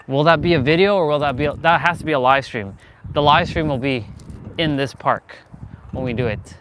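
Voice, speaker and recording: A man live-streaming from an outdoor park, musing in a rambling, unhurried way while he swings. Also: on the high side. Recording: noisy outdoor recording.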